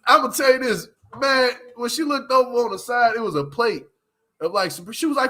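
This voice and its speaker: A man's voice: very high voice, animated, fairly quick, sharp tone. A man hosting a casual livestream, reviewing a reality show, laughing often as he retells scenes with lots of slang.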